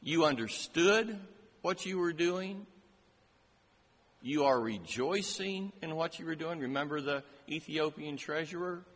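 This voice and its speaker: A man preaching a sermon, slow and emphatic, asking many rising rhetorical questions. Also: fairly high pitch, a bit bright. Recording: long reverb of a large hall.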